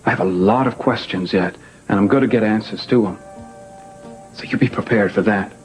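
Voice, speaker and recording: A man's voice: lowish voice, normal speed, natural voice, rough recording. A man playing Mason, a stern grown son. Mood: firm. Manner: firm, confrontational. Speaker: actor in a TV soap opera. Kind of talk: 1980s TV soap acting. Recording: TV soundtrack with music underneath.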